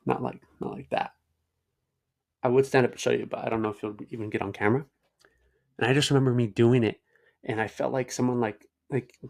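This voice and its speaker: Speaking in a mid-range, creaky and slightly mellow voice, a young host rambles through casual stories to the camera on his own show. His talk is slangy, constantly peppered with "dude" and "like."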